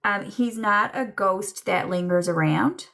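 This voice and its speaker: A woman doing a live psychic reading for chat viewers, slow and musing, with many ums and trailing thoughts. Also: medium pitch, creaky, fairly bright tone. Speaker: psychic medium.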